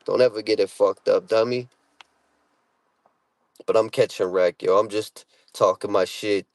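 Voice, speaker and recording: A vlogger with a Boston accent, hailing from the Boston area of Massachusetts, talks to camera in a parked car, casual and profane with plenty of street slang. Brash, he keeps repeating "you know what I'm saying," his fairly low voice steady and a little slow, with no echo.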